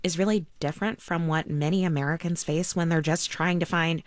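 A woman hosting radio news, asking a question and wrapping up the segment in a crisp, professional way. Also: on the low side, steady tone, a little fast, no room sound.

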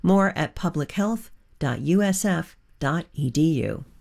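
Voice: mid-range voice, expressive, unhurried, gravelly, a little mellow. A station announcer making a formal, scripted sponsor read.

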